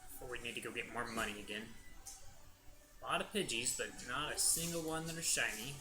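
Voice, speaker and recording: A man talking his way through a video game in a relaxed, chatty running commentary. His pitch sits in an ordinary middle range. Game music plays clearly under his voice. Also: fairly quick. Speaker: gaming channel host. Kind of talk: casual let's-play commentary.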